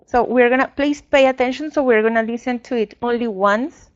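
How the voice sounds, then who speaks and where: A woman whose first language is Spanish, leading an online training for English teachers, explaining slowly with many fillers. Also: a little high, muffled recording. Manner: slow, explanatory, with frequent fillers.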